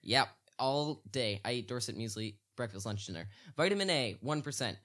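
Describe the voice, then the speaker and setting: A man's voice: medium pitch, animated, moderate pace, a bit bright. A man guesting on a casual podcast, playful and getting worked up in mock rants.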